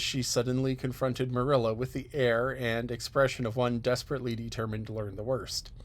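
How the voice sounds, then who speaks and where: A male audiobook narrator reading a classic novel in a measured, even storytelling manner. His voice sits at an ordinary mid pitch for a man.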